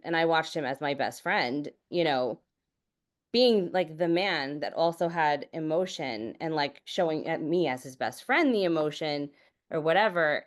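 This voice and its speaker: A woman chatting casually on a podcast, telling candid family stories, swearing freely and filling her speech with "like" and "you know". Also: sits low. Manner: many fillers like "like" and "you know". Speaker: podcast guest. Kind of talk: casual chat.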